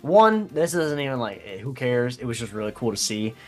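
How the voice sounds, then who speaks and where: A young man on a casual sports podcast, telling an animated story and laughing as he goes. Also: fairly quick, faint music behind. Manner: animated, laughing, imitating people in a high voice. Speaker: podcast co-host.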